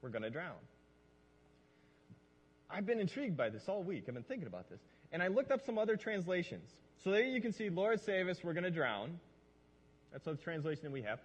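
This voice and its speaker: A male pastor preaching a lively sermon and acting out lines. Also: high-pitched, quick pace, slightly rough. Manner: animated, acts out lines. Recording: long reverb of a large hall.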